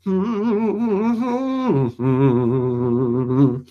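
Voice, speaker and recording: Energetic man hosting a live Q&A. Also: medium pitch, very slow, highs cut off. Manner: energetic, hyped, rambling with restarts. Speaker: YouTube channel host. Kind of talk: casual live-stream Q&A.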